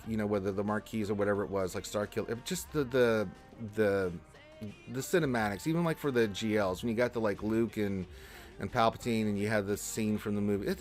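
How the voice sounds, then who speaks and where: Lively male livestream host. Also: fairly low pitch. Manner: animated, greets viewers by name, jokey. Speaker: livestream host reading chat. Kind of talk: casual livestream chat.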